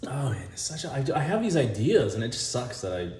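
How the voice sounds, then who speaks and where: A man rambling casually with lots of swearing about movie ideas, talking in an animated, chuckling way. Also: mid-range voice, a little fast, echoey room, a little hiss or hum. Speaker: movie vlogger.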